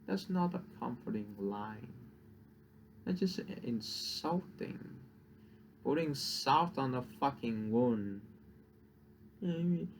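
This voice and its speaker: A man's voice: medium pitch, animated, slow pace, long pauses, a little hiss or hum. A young man whose first language is Vietnamese, venting in a casual, profane rant and laughing at his own jokes. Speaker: vlogger.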